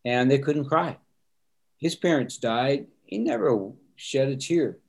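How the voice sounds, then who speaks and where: A man's voice: medium pitch, slow pace, pauses often. An older man, a pastor, talking earnestly and openly about feeling, with an easy laugh in a candid interview.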